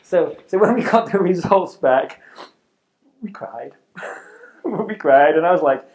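A middle-aged man who leads a youth ministry, giving an animated, conversational talk to youth workers in front of a live audience. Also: high-pitched, takes it slowly, a little hiss or hum.

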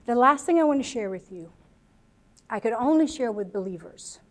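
A woman's voice: a little high, expressive, moderate pace. An American woman preaching a sermon to a congregation, earnest and emotional, with chatty asides. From United States.

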